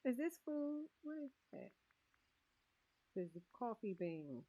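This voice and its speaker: A woman with a slightly high, very animated voice speaks slowly while streaming a cozy game, chatting casually with her viewers and laughing often. The stream audio is dull and lo-fi.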